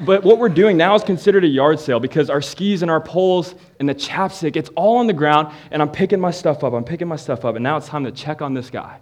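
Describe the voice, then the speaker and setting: A man's voice: fairly high pitch, fast talker, hardly any pauses, darkish tone. A young man telling a playful comic story as a youth speaker before shifting into a sermon for a live audience.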